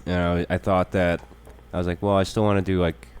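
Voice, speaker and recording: A man with a low voice, guesting on a podcast as a comedian. He talks in a laid-back, casual way and laughs easily. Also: flat delivery, brisk, clean tone.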